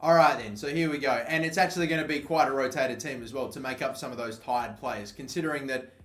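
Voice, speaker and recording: A man's voice: mid-range voice, fast. Echoey, foul-mouthed young male gamer. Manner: swears constantly, swings between exasperated and excitable yelling. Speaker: gaming channel host. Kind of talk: live football game commentary. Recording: echoey room with faint background noise.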